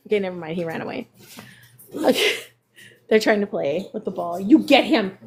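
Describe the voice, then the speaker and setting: A woman hosting a casual live stream, chatting with viewers and cooing at her dogs in a high baby voice. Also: lively intonation, normal speed, pauses often, slight background noise. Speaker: livestream host.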